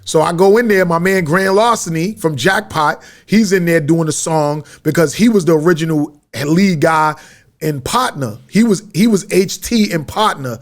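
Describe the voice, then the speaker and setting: This podcast host has a slightly high voice at a normal speed. In a media studio, he delivers a rambling, casual storytelling monologue in slang-heavy street talk.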